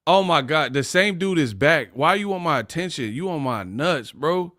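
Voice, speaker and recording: A man's voice: on the high side, expressive, normal speed, hardly any pauses, fairly bright tone, no room sound, studio quality. A man hosting a casual boxing livestream, laughing often and trash-talking his chat readers.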